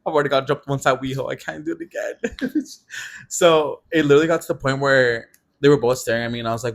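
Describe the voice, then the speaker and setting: Animated young man telling a story. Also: medium pitch, fast talker. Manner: animated storytelling, laughs often, swears casually. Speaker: podcast co-host. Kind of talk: casual chat.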